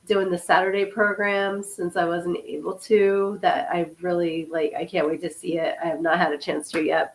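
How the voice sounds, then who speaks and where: Hoarse fifty-year-old woman chatting. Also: on the low side. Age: 50s. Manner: chatty, apologetic, greets viewers by name. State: hoarse from a cold. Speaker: podcast host and author. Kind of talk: casual livestream chat.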